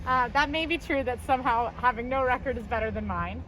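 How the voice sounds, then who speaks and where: A woman's voice: on the high side, a little fast, bright, forceful tone, a little hiss or hum, rough recording. A woman hosting a vlog race, cheerful and full of competitive trash talk. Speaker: show host and race competitor. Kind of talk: upbeat vlog chat.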